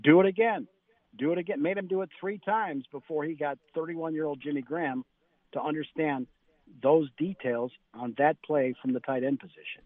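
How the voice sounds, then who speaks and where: A man's voice: fairly high pitch, moderate pace, dry recording. Male sports reporter on a tinny phone line. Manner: animated, quotes coaches in lively bursts. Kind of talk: phoned-in radio interview.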